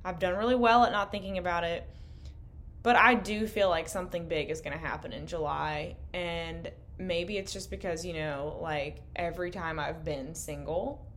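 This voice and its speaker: A woman's voice: lowish voice, fairly even intonation, normal speed, fairly bright tone, a little hiss or hum. Candid, rambling young woman podcaster. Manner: candid, swears freely, rambling with restarts. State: losing her voice. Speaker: podcast co-host. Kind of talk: casual late-night chat. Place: indoor room, in person.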